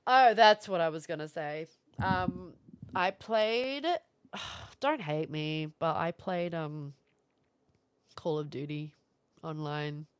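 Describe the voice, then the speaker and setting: A woman's voice: low voice, slow, long pauses, clean tone. A woman streamer in casual livestream chat, rambling along, laughing often and thanking viewers. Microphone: streaming setup with camera.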